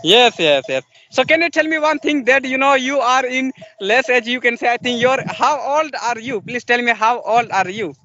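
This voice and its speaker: A man with an Indian English accent interviewing a guest over a video call, speaking haltingly and restating his questions, with frequent "yes, yes". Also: very high voice, lively intonation, pushed and bright. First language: Hindi. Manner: halting, repeats "yes, yes", rephrases questions mid-sentence. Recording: muffled video call audio.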